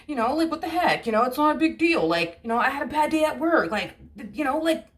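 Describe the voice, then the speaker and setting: A woman's voice: high-pitched, big pitch swings, quick pace, recorded from a distance, voice pushed up. A woman mimicking a defensive partner who brushes off their own bad behavior with whiny excuses. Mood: dismissive.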